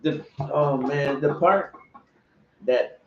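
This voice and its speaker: A man who plays bass, a guest on a podcast, telling stories and doing goofy voices. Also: very slow, reverberant, muffled recording, a little hiss or hum. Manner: animated storyteller, does goofy voices. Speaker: guest musician. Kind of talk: casual podcast chat.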